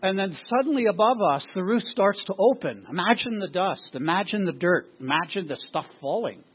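A pastor with a high, slightly husky voice preaches to his congregation and keeps firing questions at them. The recording sounds thin and tinny, like it came over a phone line. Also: lively intonation, a little fast. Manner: asks the congregation rhetorical questions. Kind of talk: sermon.

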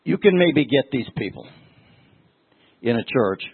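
A man's voice: medium pitch, big pitch swings, measured pace, vocal fry, husky, no room sound. A man, a pastor, giving a conversational, emotional sermon and telling stories straight to his listeners. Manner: emotional, storytelling, addresses listeners directly. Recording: tinny, phone-like dry sound.

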